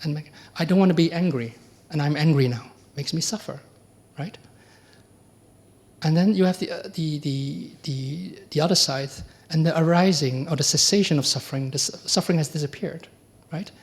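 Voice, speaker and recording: A middle-aged man, a monk giving a conversational dharma talk, often asking the audience questions and acting out quoted exchanges. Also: moderate pace. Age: middle-aged or older. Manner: acts out quoted exchanges with lively pitch jumps. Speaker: Buddhist monk teacher.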